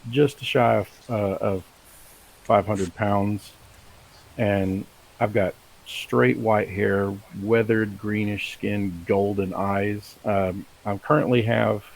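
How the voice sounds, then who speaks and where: A man's voice: lowish voice, fairly even intonation, slow, gravelly, rough recording. A man as a player, hesitantly describing what his character does. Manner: hesitant, lots of fillers.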